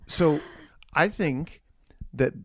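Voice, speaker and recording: A man's voice: a little high, animated, extremely slow, a bit bright, dry recording, studio quality. A man co-hosting a church podcast in casual chat, earnest and ranting in bursts with frequent restarts.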